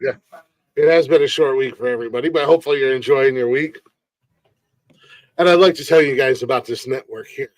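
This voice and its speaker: A man hosting a casual comedy news podcast, relaxed and joking, rambling with fillers. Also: medium pitch, fairly quick, pauses often, no echo, low-quality recording. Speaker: podcast host.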